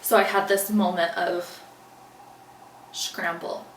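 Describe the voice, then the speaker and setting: This woman's voice sits fairly low and moves little in pitch, and she talks slowly. As a guest in an interview, she earnestly relates a personal story, replaying her own past lines. The room is roomy, the mic distant, with a faint hum of background noise.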